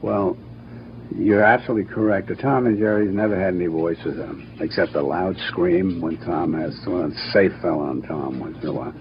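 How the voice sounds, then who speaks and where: An older man, a cartoon producer and director, telling stories in an interview with a brisk, anecdotal manner. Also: sits low. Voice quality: brisk, anecdotal, acts out quotes. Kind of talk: interview, reminiscing. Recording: dull archival recording with faint hiss.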